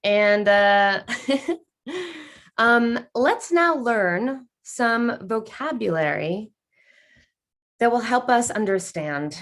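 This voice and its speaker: A woman's voice: mid-range voice, fairly bright tone. A woman leading an online workshop over a video call, playful and upbeat as she reads out answers from the chat. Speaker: workshop leader.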